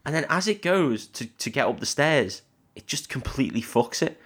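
A man's voice: mid-range voice, animated, a bit bright, slightly rough. Laughing, sweary young man recapping a film. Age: young adult. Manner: laughing often, sweary, retelling scenes with quick quoted voices. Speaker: podcast co-host. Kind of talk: casual film recap chat.

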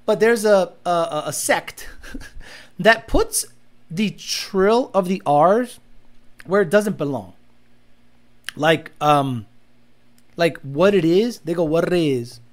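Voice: mid-range voice, slow, long pauses. A livestream host in casual chat, reading out viewer comments and telling stories with lots of laughter and swearing. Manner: animated storytelling, frequent laughter, profane.

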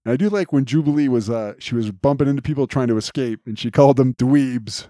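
A man's voice: mid-range voice, fast, warm tone, dry recording, clean studio sound. A man co-hosting a podcast, casually recapping a cartoon episode, laughing often and quoting lines. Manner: laughs often, recounts scenes with quoted lines. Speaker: podcast co-host.

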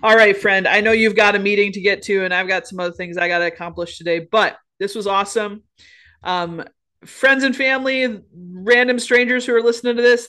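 A woman's voice: medium pitch, sharp tone. A woman co-hosting a casual faith podcast, earnest and encouraging, rambling a little with restarts. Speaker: podcast co-host.

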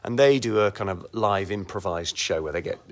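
A man in his thirties with a Bristol accent, an actor chatting as an interview guest and telling lively stories. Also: lowish voice, fairly quick. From Bristol, England. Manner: animated anecdotal storyteller, laughs often. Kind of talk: casual interview chat.

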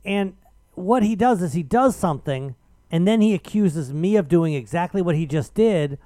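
A man hosting a radio talk show, telling an argumentative story in casual chat with animated emphasis. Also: high-pitched, normal speed, no room sound.

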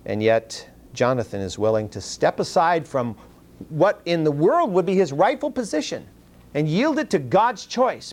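A man preaching a sermon, animated, often climbing high in pitch for emphasis and repeating words as he restarts phrases. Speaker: pastor.

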